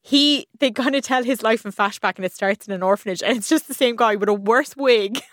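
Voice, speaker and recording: A woman's voice: on the high side, fairly quick, a bit bright, no room sound, clean studio sound. Chatty Irish woman reviewing TV, laughing. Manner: chatty, laughing, many restarts. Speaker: TV and film reviewer. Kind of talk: casual radio chat.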